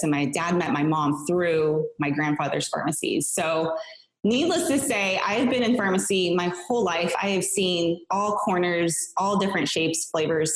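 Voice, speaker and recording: A woman in a casual podcast chat as the new host, bubbly, laughing often and restarting her sentences. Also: fairly low pitch. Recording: echoey room.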